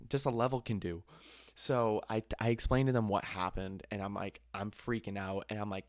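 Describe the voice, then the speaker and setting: A young man hosting a podcast, telling a funny story in casual chat, animated, laughing often and swearing casually. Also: on the low side, normal speed, no echo, studio quality. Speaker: podcast host.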